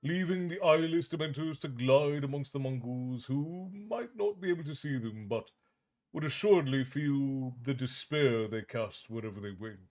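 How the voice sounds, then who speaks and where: A man's voice: medium pitch, normal speed. A man reading a story aloud on a livestream, theatrical and dramatized, chatting between passages. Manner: animated, theatrical.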